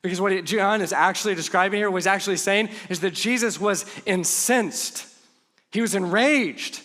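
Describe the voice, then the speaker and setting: A man preaching a conversational sermon as pastor, telling the story with humorous asides and dropping to hushed tones for emphasis. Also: high voice, moderate pace.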